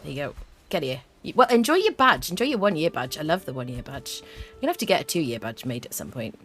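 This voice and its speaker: Chatty woman streaming a game, lively. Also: sits low, quick pace. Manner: chatty, reads chat aloud, hums little tunes. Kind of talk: live-stream gameplay commentary.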